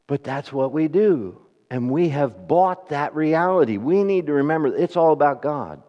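Higher-voiced preacher in an echoing church. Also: male voice, expressive. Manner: rising to emphatic, then drops to soft and slow; conversational, asks the congregation questions. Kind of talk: sermon. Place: church hall. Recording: dull sound with long hall reverb.

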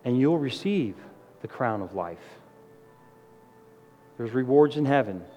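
A middle-aged man preaching a sermon with emphatic delivery, his voice rising to loud exclamations. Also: medium pitch, expressive, slow pace, soft background music. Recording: long hall reverb.

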